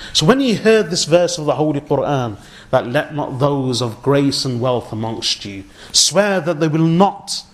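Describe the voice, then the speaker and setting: Earnest male preacher telling a story. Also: medium pitch. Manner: earnest storytelling, dropping to a hushed tone for moving moments; uses Arabic religious phrases. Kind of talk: sermon.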